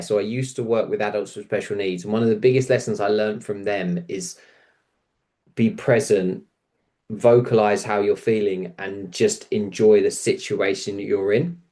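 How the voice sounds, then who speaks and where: A man, speaking as a podcast guest and telling stories in an earnest, unhurried way. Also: on the low side, darkish tone. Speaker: guest, coach. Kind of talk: reflective conversation.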